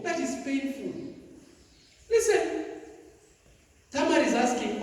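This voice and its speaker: A man preaching to a youth seminar, emphatic, moving between loud bursts and quiet asides. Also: extremely high pitch, animated, measured pace, long pauses. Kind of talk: sermon. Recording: echoey hall, from far off.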